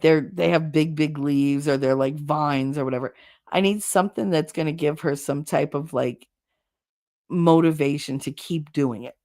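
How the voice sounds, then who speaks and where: Low-voiced New Jersey woman, going hoarse. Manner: chatty, rambling, blunt with swearing. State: going hoarse from long talking. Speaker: livestream host reading chat. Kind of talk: casual chat.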